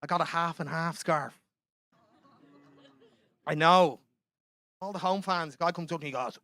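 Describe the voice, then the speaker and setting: A man's voice: on the high side, a little slow, long pauses, sharp tone, dry recording, clean studio sound. A young Irish man doing a chatty, self-mocking stand-up comedy set in a club. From Ireland.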